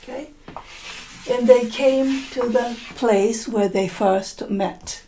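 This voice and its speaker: A woman's voice: fairly high pitch, slow pace, warm tone, a little hiss or hum. A woman telling a folk tale to English learners, repeating and rephrasing lines and explaining words as she goes. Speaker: storyteller and English teacher.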